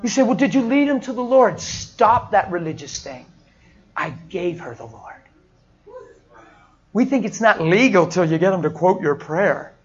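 A man preaching a sermon in a storytelling way, swinging from hushed, soft lines to loud, laughing outbursts. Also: high-pitched, expressive, moderate pace, breathy edge, lo-fi sound.

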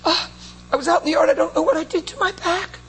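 Man doing a tearful woman in agony, very high squeaky pitch, pleading, weepy. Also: fast, pushed and bright, heavily acted. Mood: pained, tearful. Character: distressed woman bent double in back pain.

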